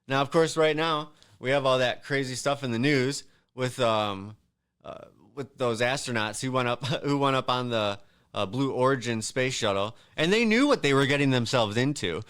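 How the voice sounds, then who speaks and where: A man's voice: mid-range voice, animated, normal speed, fairly bright tone, smooth, no echo, studio quality. A man hosting a podcast on his own, reading out holiday facts in a casual, rambling way, with joking asides and plenty of fillers. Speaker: podcast host.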